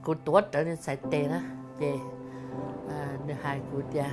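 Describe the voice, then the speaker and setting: A woman's voice: low voice, flat delivery, brisk, music in the background. A woman giving an earnest, emotional interview testimony.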